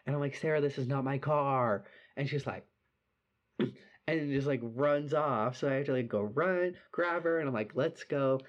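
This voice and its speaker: A young man telling a drunken night-out story in casual chat, animated and full of "like" and swearing. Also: mid-range voice, moderate pace, dull audio.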